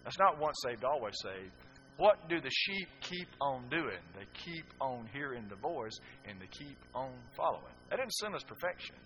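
A male preacher delivering a sermon emphatically, swinging from loud declarations to hushed, drawn-out phrases. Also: mid-range voice, very animated, noisy background. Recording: dull lo-fi sermon recording.

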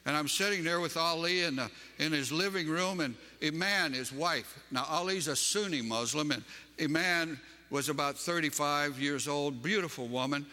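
A man with a Western North Carolina Southern accent preaches, his voice bright and forceful and a little high. He tells a story emphatically, climbing in pitch as it builds. A long hall echo trails each phrase. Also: normal speed. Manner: emphatic storytelling, rising sharply in pitch when telling a story. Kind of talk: sermon with personal story.

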